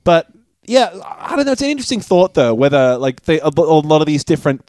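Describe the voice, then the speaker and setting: A man's voice: fairly high pitch, very animated, fast, a little mellow, dry recording. A man co-hosting a casual film discussion podcast, thinking aloud in long winding sentences with restarts and the odd swear. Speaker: podcast co-host.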